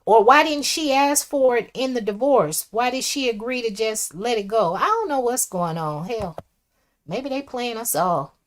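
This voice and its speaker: Voice on the high side, expressive, at a moderate pace: this woman hosts a livestream, reading viewer comments out and reacting casually. She's chatty, trading quiet asides for loud exclamations as she goes.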